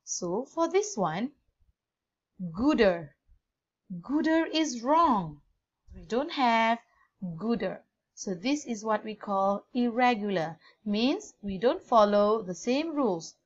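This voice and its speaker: Malaysian english lady teacher, real slow, spells words out letter by letter, kinda dull lo-fi sound. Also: on the high side, lively intonation. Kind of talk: grammar lesson.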